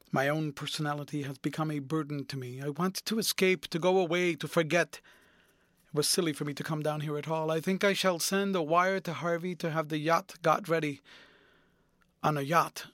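A man voicing an anxious, brooding young gentleman in an audiobook reading, speaking in an earnest, hesitant way. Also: on the high side, dry recording, clean studio sound.

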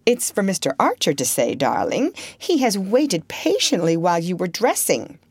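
A woman voicing an arch, coaxing elderly aunt who speaks slowly in an audiobook. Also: on the low side, big pitch swings, breathy edge, dry recording, heavily acted. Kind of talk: audiobook character reading.

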